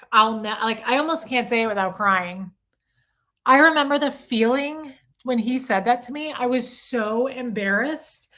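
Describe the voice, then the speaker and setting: A woman with a bright, forward voice hosts a casual livestream. She reads viewer comments aloud and answers them candidly, with a confessional tone and free swearing. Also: fairly high pitch. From Omaha, United States. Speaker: livestream host.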